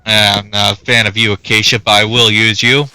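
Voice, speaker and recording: A chatty male gamer commenting casually on his play, with a bright, forceful voice. He talks to the animals on screen as he goes. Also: on the low side, flat delivery, normal speed, smooth. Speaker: gaming youtuber.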